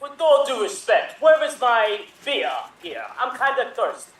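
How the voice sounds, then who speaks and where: A man's voice: extremely high pitch, very animated, a little slow, a bit bright, echoey room, recorded from a distance, poor audio. A man performing improv as a newlywed husband, playful and laughing at his partners. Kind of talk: improvised scene acting.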